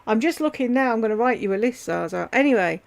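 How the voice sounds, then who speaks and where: Quick-paced and expressive, this woman has a highish voice with vocal fry. She runs her own casual livestream from home, greeting viewers by name as she rambles between subjects.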